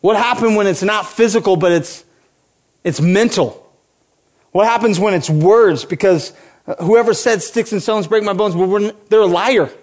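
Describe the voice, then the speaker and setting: Preaching with passion in a high voice at normal speed, this man in his forties is a pastor building his sermon to emphatic peaks. Now and then he breaks off into playful asides.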